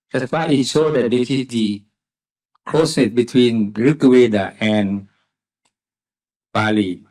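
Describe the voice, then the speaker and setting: A man giving an academic lecture at a conference, speaking haltingly with many fillers and self-corrections. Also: mid-range voice, darkish tone. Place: conference hall.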